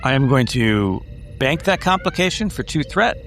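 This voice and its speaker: A man narrating a science-fiction tabletop game as game master, with measured, dramatic delivery. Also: mid-range voice, sing-song, a bit bright, faint music behind.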